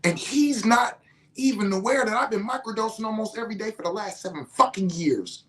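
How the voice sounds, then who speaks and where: A middle-aged woman hosting a podcast, telling a story in a loose, animated, profane way and acting out what others said. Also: moderate pace. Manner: animated and profane, acting out other people's lines with big pitch jumps. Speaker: podcast host. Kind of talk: casual storytelling.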